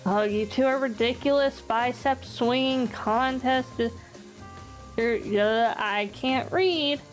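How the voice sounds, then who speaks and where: A young woman with a fairly high voice reads a dating game aloud on stream, in no hurry. She drops playful, laughing asides between the lines, with faint music playing behind her. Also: takes it slowly, low-quality recording.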